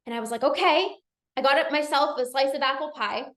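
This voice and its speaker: A woman coach talking casually in a live session, energetic and chatty with many restarts. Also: high-pitched, quick pace, roomy sound. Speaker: binge eating coach hosting a live session. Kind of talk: casual live-stream talk.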